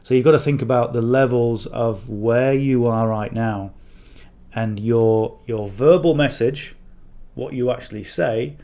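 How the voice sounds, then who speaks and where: An affiliate marketing coach, a middle-aged man with a northern English accent, rambles casually to camera, checking in with "okay?" and "you know" as he goes. His voice is medium-pitched and mellow, a little slow.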